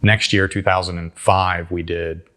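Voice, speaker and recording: Male interview guest, deep-voiced, tells stories with energy and folksy grammar. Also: unhurried. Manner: animated storyteller acting out quotes. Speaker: guest entrepreneur. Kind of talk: storytelling interview.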